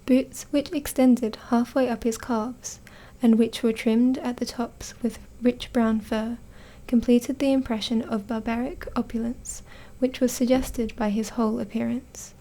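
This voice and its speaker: Young Australian woman, whispered narration, mellow and slightly high. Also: fairly even intonation, unhurried, hardly any pauses. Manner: soft and careful, with small stumbles. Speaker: audiobook narrator in training.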